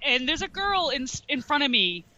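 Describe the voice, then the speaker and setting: A woman's voice: sits high, sing-song, moderate pace, bright, forceful tone, no room sound, lo-fi sound. A woman co-hosting a podcast, joining a casual rant in a blunt, exasperated way with plenty of swearing. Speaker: podcast co-host.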